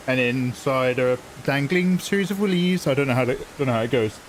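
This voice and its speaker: A man's voice: medium pitch, animated, fairly quick, hardly any pauses, a little hiss or hum, poor audio. A man chatting casually with viewers during a live game stream, playful and joking with a lot of laughter. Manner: playful, jokey, laughing often, hamming up mangled French. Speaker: game livestreamer.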